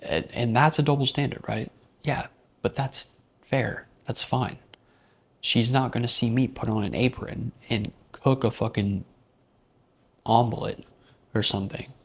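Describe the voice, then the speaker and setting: A man ranting in an unscripted monologue, blunt and profane, rambling from point to point. His voice is gravelly and raspy at a middling pitch. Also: steady tone, unhurried, pauses often. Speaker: vlog host. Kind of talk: casual rant monologue.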